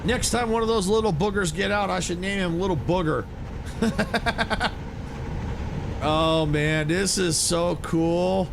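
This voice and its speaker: A man giving casual, excitable commentary while playing a video game, exclaiming and laughing often. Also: sits high, normal speed, few pauses, noisy background. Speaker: gaming streamer.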